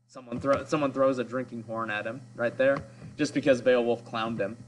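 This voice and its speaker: A man's voice: medium pitch, fairly even intonation, normal speed, a little hiss or hum, poor audio. A man teaching a literature lesson in a casual, explaining way, thinking aloud as he goes. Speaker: English teacher. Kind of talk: recorded class lesson.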